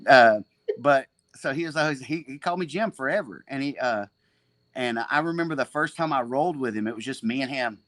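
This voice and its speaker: A man's voice: medium pitch, fairly quick, a bit bright, no room sound. Forties guy rambling about his gym days, swears a lot, dry close sound. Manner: profane, rambling, self-mocking. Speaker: podcast guest, jiu-jitsu gym owner. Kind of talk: casual storytelling.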